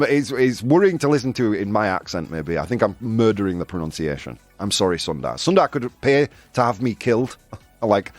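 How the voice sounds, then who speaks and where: A male podcast host whose pitch swings up and down a lot as he chats through the news. He is self-deprecating, laughs often and trips over tricky words. The sound is dry and close, with faint music underneath. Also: a little mellow, no room sound. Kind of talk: casual live-stream news chat.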